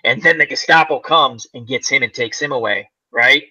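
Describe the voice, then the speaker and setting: A man's voice: medium pitch, normal speed, bright, forceful tone. A man hosting a casual chat, rambling through a movie plot and acting out its lines. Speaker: channel host. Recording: dull lo-fi sound.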